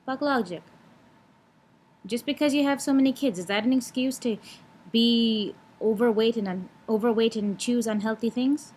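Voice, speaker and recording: A woman's voice: a little high, moderate pace, a little mellow. A young woman vlogging in a blunt, frank way, swearing freely while she lectures and gives advice. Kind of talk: casual vlog talk.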